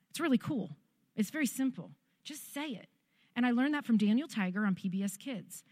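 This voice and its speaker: A woman's voice: a little high, lively intonation, a little fast, darkish tone, no echo, studio quality. A middle-aged woman pastor, giving a conversational, encouraging sermon straight to her congregation.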